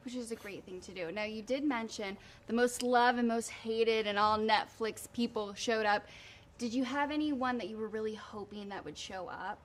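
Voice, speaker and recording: A woman's voice: a little high, moderate pace, slight background noise. A woman interviewing a group of reality show guests in a playful, teasing way. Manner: playful, teasing, laughs often. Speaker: entertainment interviewer. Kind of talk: casual press interview.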